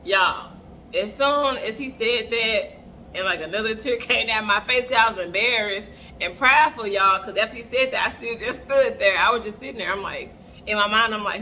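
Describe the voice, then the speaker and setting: Young woman spilling a storytime, bright voice, keeps saying y'all, earbud mic, light hiss. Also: medium pitch, normal speed. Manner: animated, keeps addressing the audience as "y'all". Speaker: vlogger. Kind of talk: casual storytime chat while doing makeup.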